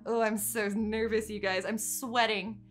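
A woman hosting a casual let's-play, chatting through her game and reacting loudly, swinging from calm narration to panicked dismay. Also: mid-range voice, unhurried, over loud music. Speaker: gaming channel host.

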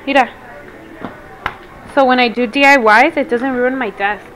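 Chatty young woman with a high voice. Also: a little slow, pauses often, fairly bright tone, faint music behind. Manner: chatty, switches between English and Spanish. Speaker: vlogger. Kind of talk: casual shopping vlog. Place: large furniture store, indoors. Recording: noisy store background.

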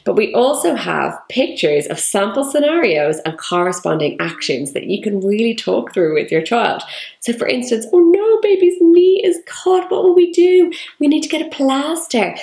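A woman explaining to parents, gently and clearly, how to practice naming pain through play with their child. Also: on the low side, echoey room. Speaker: early-years speech educator. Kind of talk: instructional talk to parents.

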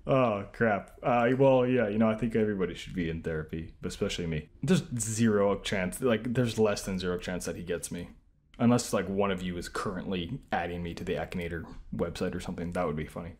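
A man streaming himself taking online quizzes, reacting out loud with sarcastic, self-mocking commentary. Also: low voice, brisk.

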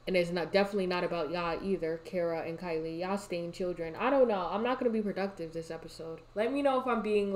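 A woman's voice: lowish voice, slight background noise. A young woman, giving casual gameplay commentary, talking to the characters on screen and exclaiming in exasperation. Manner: exasperated, talks to game characters, frequent exclamations. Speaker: gaming YouTuber.

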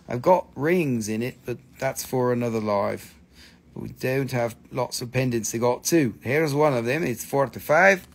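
A man's voice: mid-range voice, a little slow. A man casually hosting a live-stream crystal sale, joking around, swearing loosely and repeating himself. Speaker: host selling crystals.

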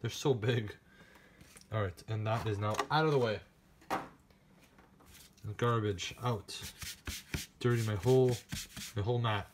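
A man narrating as he opens trading card packs on camera, excited and chatty, speaking straight to his viewers. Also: fairly low pitch, unhurried, long pauses, background noise. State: nervous and shaky. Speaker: card-opening vlogger. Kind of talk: casual unboxing narration.

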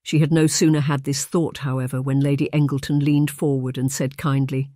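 A man narrating a period romance audiobook in a measured storytelling manner on a close microphone. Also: medium pitch, flat delivery, dark tone, dry recording. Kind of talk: scripted narration.

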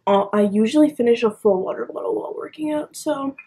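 A woman's voice: a little high, quick pace, dark tone, husky. Chatty young woman vlogging from home. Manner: chatty, lots of "like" and "um". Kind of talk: casual vlog chat. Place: at home, bedroom.

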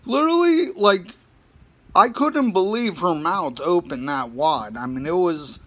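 A man telling a comic story in a halting, rambling way, full of "uh" and "you know," with sudden excited high bursts.

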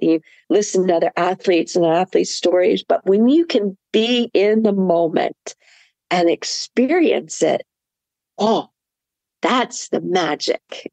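A woman guest in an interview, telling a vivid story with laughter and animated asides. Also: on the low side, vocal fry, dry recording. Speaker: marathon swimmer guest.

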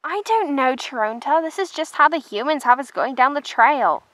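A woman's voice: high-pitched, lively intonation, normal speed, fairly bright tone, no room sound, rough recording. A woman voicing a level-headed, teasing mare at the front of the trail in a toy horse drama. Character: sensible mare who leads the trail.

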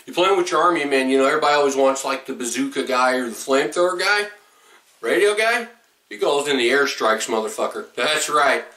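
Excitable swearing man in an echoey room. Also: far from the mic. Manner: excitable, swears a lot, swings high when thrilled. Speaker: vlogger opening a fan mail box. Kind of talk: excited unboxing vlog.

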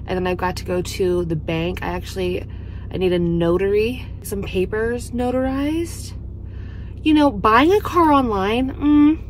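A woman's voice: medium pitch, darkish tone, a little hiss or hum. A woman talking casually to camera in a day-in-my-life vlog, chatty and blunt, swearing freely. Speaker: vlogger.

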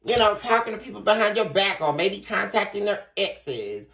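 A woman's voice: mid-range voice, moderate pace, crowd noise. A woman giving a tarot reading, talking bluntly with a lot of swearing and ranting. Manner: blunt, profane, animated ranting. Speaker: tarot reader. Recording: roomy, from a distance.

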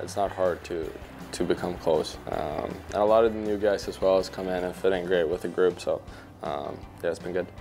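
A Swedish man in his twenties, speaking English as his second language with a Swedish accent, chatting casually and easily with lots of fillers as a guest. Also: sits low. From Sweden. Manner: relaxed, easygoing, many fillers. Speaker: hockey player guest. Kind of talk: casual interview chat.

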